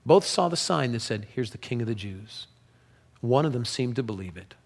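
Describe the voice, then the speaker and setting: A pastor preaching a sermon, telling the story with animation and reading scripture passages aloud. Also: male voice, medium pitch, expressive, normal speed, gravelly.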